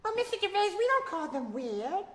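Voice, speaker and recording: A man's voice: very high voice, big pitch swings, brisk, fairly bright tone, echoey room, heavily acted. A puppeteer voicing a cheerful little male monster who talks about himself in the third person. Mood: sweet, eager. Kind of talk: comedy sketch puppet banter.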